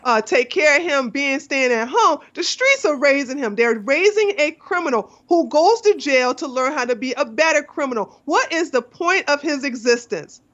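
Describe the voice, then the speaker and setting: High-voiced, emphatic woman interview guest. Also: lively intonation, moderate pace, few pauses, fairly bright tone, dull audio. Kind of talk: casual interview chat.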